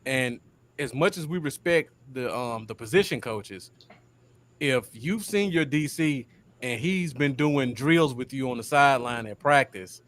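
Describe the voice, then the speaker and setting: A man with a mid-range voice explains football coaching in a steady, explanatory way. He speaks like a regular on a casual sports podcast. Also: medium pitch, measured pace. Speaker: podcast co-host.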